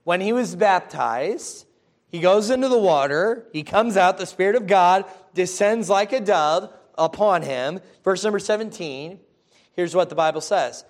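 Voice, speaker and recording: A man preaching a sermon, reading scripture slowly and with emphasis, and often checking in with his listeners by asking "folks?" and "yes?". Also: high voice, animated.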